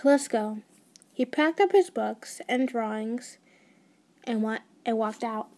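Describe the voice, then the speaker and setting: A woman's voice: a little high, expressive, slow pace, darkish tone. A woman narrating an ASMR fan story in a casual way, with restarts and side notes.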